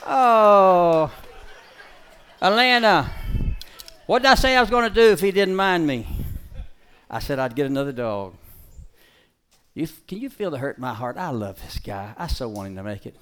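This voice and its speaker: A middle-aged man presents a live dog-training show. He shouts commands at the dog in bursts, jokes with the crowd, and drops into a soft, preachy tone. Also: medium pitch, sing-song, brisk. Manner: jokey crowd banter.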